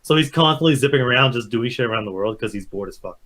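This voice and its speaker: A man's voice: mid-range voice, fast. A man co-hosting a casual chat, telling events with lots of acted-out quotes and fillers. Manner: animated storyteller, acts out quotes. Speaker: podcast co-host.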